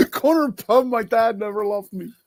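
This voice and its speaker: A man's voice: sits high, unhurried, no room sound, clean studio sound. A man co-hosting a casual sports podcast, laughing often and teasing his partner. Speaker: podcast co-host.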